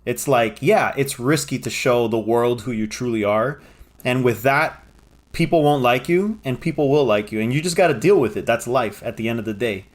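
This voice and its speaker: Casual male film-review co-host, animated, self-correcting, quotes scenes in voices. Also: mid-range voice, moderate pace. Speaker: podcast co-host.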